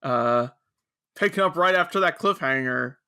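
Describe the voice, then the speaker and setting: Measured male co-host with a bright voice. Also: on the high side, expressive, smooth. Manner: dry, measured recapping of plot. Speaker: podcast co-host. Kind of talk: casual anime review chat.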